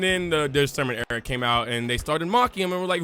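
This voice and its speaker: A lively man with a fairly high voice and a drawl tells the story of his game like a joking storyteller. He acts out crowd chants and other voices as he goes. Faint music plays underneath. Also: fast, few pauses. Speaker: gaming YouTuber. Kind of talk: casual let's-play commentary.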